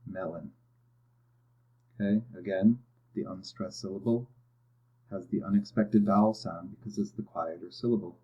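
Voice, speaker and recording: A man's voice: on the low side, steady tone, normal speed, dark tone. A man teaching a phonics lesson, explaining step by step and often checking in with "okay". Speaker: reading teacher. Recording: dull lo-fi audio.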